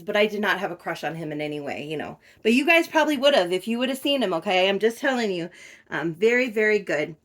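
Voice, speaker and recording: A middle-aged woman vlogging from her bedroom at home, telling a story in a chatty, gushing way and talking straight to her viewers. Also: medium pitch. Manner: animated, gushing, addresses viewers as "you guys". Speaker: reborn doll collector vlogger.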